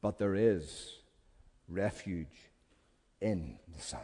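A man preaching a sermon with passion, moving from hushed pleading to loud, urgent calls. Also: on the low side, big pitch swings, slow, pauses often. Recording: long hall reverb.

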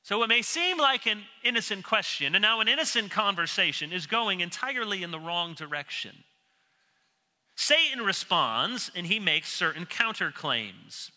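A man preaching an expository sermon, emphatic and animated, dropping low and quiet when he quotes others. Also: moderate pace. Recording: long reverb of a large hall.

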